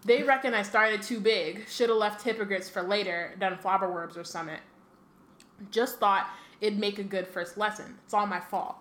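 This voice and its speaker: A woman reading the lines of a huge, gruff male groundskeeper from a novel, in a thick voice. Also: mid-range voice, moderate pace, a bit bright, close to an everyday voice. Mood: gloomy. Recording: echoey room with faint ambient noise.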